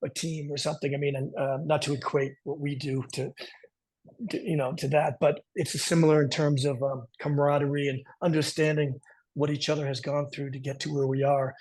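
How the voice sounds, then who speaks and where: A male guest who speaks in a measured, reflective way, pausing to find his words. His voice is slightly higher than most men's. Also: level tone, darkish tone, rough recording. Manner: measured, reflective, thinking aloud. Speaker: karate instructor guest. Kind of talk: conversational interview.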